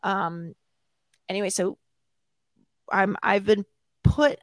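A woman telling a self-mocking story as an interview guest, animated and laughing often. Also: lowish voice, no echo.

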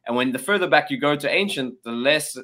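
A man's voice: fairly high pitch, lively intonation, brisk, bright, forceful tone. A man, a game developer guest, chatting casually and rambling, with many fillers and restarts. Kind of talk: casual chat.

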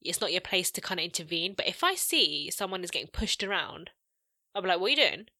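A young woman co-hosting a podcast, blunt and expressive, swearing freely in casual chat. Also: on the low side, brisk, no echo, studio quality. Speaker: podcast co-host.

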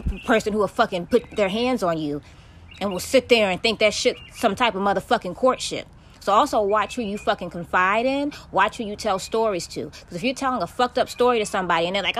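A woman's voice: medium pitch, a little hiss or hum. A woman hosting her own podcast, venting in a heavily profane, emphatic solo monologue. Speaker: podcast host.

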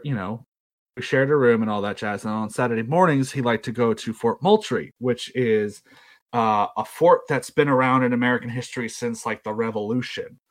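Southern-accented young man, casual rambling storyteller, middle pitch. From South Carolina, US. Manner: rambling, self-deprecating, acts out quoted voices. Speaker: podcast storyteller.

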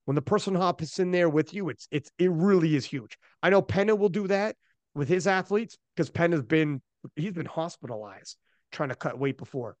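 A man with a high, bright speaking pitch hosts a podcast in loose, animated casual chat, spinning stories with plenty of swearing. The sound is dry and close, with no room around it. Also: moderate pace, dry recording. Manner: animated storyteller, loose and profane. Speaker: podcast host.

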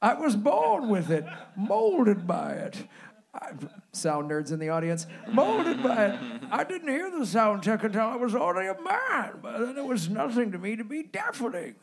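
A man's voice: very high-pitched, gravelly, heavily acted. A man voicing a menacing masked male villain in a comic parody ad read live on stage, with a theatrical muffled growl. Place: live show venue.

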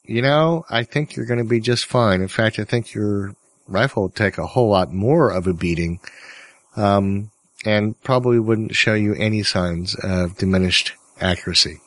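A man hosting a podcast in casual, relaxed chat, joking easily with his co-hosts. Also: fairly low pitch, normal speed, no room sound. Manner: relaxed, easygoing, joking banter. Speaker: podcast host.

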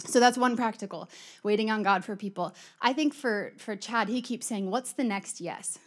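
A woman's voice: mid-range voice, moderate pace. A middle-aged woman giving a conversational sermon, chatty and storytelling, acting out quoted exchanges. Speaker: church speaker.

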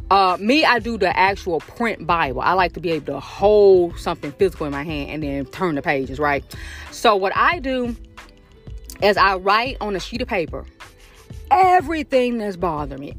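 A woman's voice: mid-range voice, a bit bright. A woman with a Southern US accent hosting a casual faith and wellness podcast check-in from inside her car, talking to listeners in a chatty, repetitive way. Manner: chatty, repeats herself, addresses listeners as y'all. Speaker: podcast host.

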